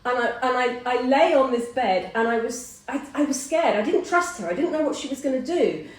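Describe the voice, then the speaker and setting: A woman's voice: high-pitched, a little fast. Middle-aged woman telling a story, roomy sound. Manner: animated storyteller who acts out quoted voices. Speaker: host. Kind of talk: casual chat, personal storytelling. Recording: roomy, distant mic.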